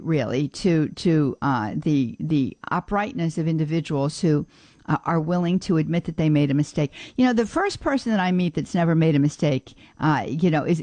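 Chatty woman radio host, low voice. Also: dry recording. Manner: warm, chatty, exclamatory. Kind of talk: call-in radio talk.

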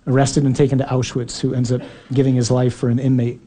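A man's voice: medium pitch, little pitch movement, quick pace, warm tone. A man preaching a sermon in an earnest, emphatic way, sometimes acting out quoted voices.

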